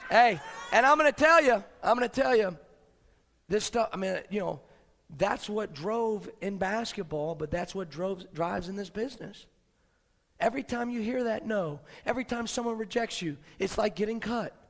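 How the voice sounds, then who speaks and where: A man giving a fired-up motivational business speech, swinging from low, quiet lines to shouting. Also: lively intonation, normal speed, vocal fry. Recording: long hall reverb.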